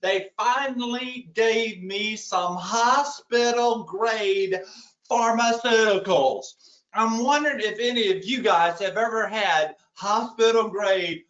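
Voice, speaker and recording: A man's voice: high-pitched, slow pace, fairly bright tone, roomy sound, muffled recording. A man giving a keynote talk, telling a humorous story with self-deprecating asides to his audience. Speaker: keynote speaker.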